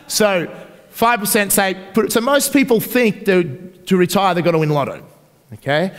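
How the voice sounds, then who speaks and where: An Australian man giving a live seminar, energetic and asking the audience questions. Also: a little high, moderate pace, big-room sound. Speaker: seminar presenter. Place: large hall at a live seminar.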